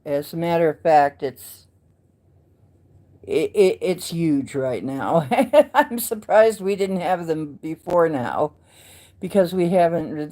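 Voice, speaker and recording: A woman's voice: low-pitched, mellow. A woman hosting a casual livestream, chatting in a rambling way and replying to viewers in the chat. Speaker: livestream host.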